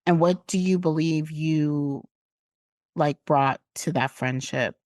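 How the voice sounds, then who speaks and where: A woman's voice: low voice, takes it slowly, dry recording. A woman hosting a podcast, asking probing questions in a casual, affirming way. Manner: warm, probing questions with frequent affirming hums. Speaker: podcast host. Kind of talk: casual interview chat.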